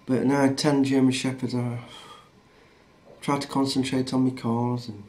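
The speaker is a middle-aged vlogger with a Northern English accent, from Northern England, rambling with casual bluntness and plenty of swearing at a rural small-town home. He has a mid-range, darkish voice, and there's a touch of background noise.

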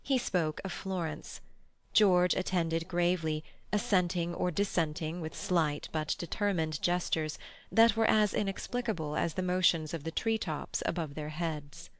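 A woman narrating a classic novel as an audiobook in an even, impassive reading. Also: on the low side, measured pace, no room sound. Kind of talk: scripted narration.

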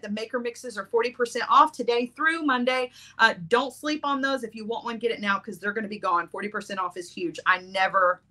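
A woman's voice: a little high, pushed and bright. A middle-aged woman hosting a jewelry-making livestream, chatting casually, reading viewer comments and laughing often.

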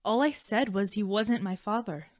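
A woman's voice: medium pitch, moderate pace, no room sound, studio quality, close to an everyday voice. A woman voicing a troubled young woman warrior, earnest and uncertain as she confides. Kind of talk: audiobook voice acting.

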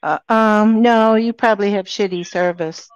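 A woman's voice: medium pitch, moderate pace, clean tone, dry recording. A woman prank-calling back a phone scammer, blunt and mocking, hurling insults at him. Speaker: scambaiter. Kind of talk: prank call. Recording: dull dry phone-call audio.

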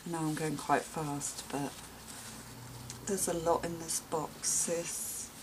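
A woman with a low voice talks slowly and warmly gushes over each gift as she unwraps it at home. She gasps and exclaims often in a casual unboxing chat, with a clear hiss of noise behind her voice. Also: little pitch movement. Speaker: vlogger opening gifts.

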